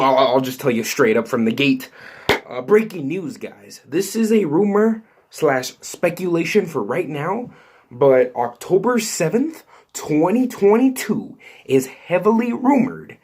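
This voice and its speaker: A man talking straight to his viewers, buzzing with excitement and tripping over his words. His voice sits at an ordinary pitch, and his talk is loose and full of ums and restarts. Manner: excitable, rambling, many fillers and restarts. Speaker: YouTube host. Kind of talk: excited casual vlog commentary.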